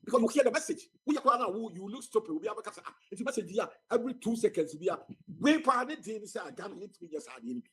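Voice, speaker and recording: A man's voice: sits high, lively intonation, fast talker, sharp tone, breathy edge, rough recording. A man speaking passionately as a guest on a radio talk show. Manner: impassioned, mixing Twi and English.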